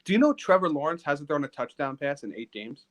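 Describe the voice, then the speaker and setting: A man co-hosting a casual sports podcast, animated and talkative, filling his talk with "like" and laughing often. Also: fairly high pitch, a little fast. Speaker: podcast co-host.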